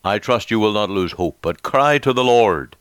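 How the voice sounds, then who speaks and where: A male pastor preaching a radio sermon, dramatic with rising questions and slowed emphasis. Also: lowish voice, lively intonation, a bit bright, clean tone, dry recording.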